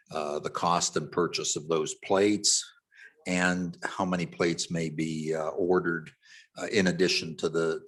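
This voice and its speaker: A man's voice: sits low, fairly bright tone, breathy edge. A man legislator giving a plain-spoken explanation of a bill, with many fillers. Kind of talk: formal floor explanation. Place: legislative chamber.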